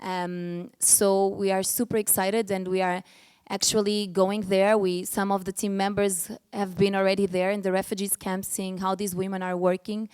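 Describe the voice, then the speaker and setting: A woman's voice: medium pitch, a little mellow, smooth. Earnest woman. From Portugal. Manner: earnest, restarts often, gets emotional. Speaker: panel speaker. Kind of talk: panel discussion.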